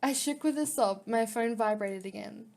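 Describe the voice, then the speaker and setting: A woman's voice: a little high, normal speed, a little mellow. A woman reading a visual novel game aloud, reacting emotionally with gasps and near tears. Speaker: gaming YouTuber.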